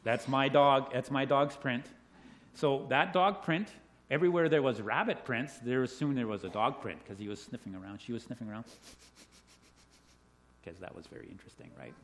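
A middle-aged man leads a children's talk in a lively, questioning way. His pitch sits in a middle range but moves a lot, and he laughs easily. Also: brisk. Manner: animated, asks questions, laughs often. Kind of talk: friendly storytelling to children. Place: indoors with a group of children.

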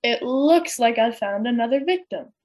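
A woman's voice: a little high, lively intonation, normal speed, a little mellow, natural voice. A woman voicing a big, horrible male monster who crows over his victim. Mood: gleeful.

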